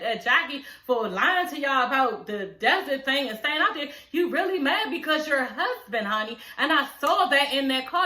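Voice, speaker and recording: A woman giving a casual, animated recap of a reality show, cursing freely and laughing as she talks. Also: sits high, roomy sound, low-quality recording. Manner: animated, profane, laughing asides.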